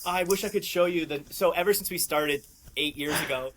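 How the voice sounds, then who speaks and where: A man guesting on a podcast, telling stories in an animated, excitable way and laughing often. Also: on the high side, a little fast. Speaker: podcast guest, clothing brand owner. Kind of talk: casual storytelling chat.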